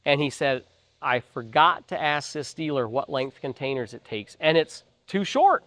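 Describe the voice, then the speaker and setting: A man's voice: mid-range voice, expressive, moderate pace, a bit bright, dry recording, clean studio sound. A middle-aged man, a truck dealer, giving earnest, emphatic sales advice and folksy stories straight to camera.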